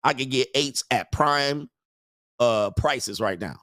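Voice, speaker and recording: A man's voice: mid-range voice, takes it slowly, a bit bright, dry recording, studio quality. A man hosting a show, delivering a crude, mocking livestream rant and laughing often. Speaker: show host.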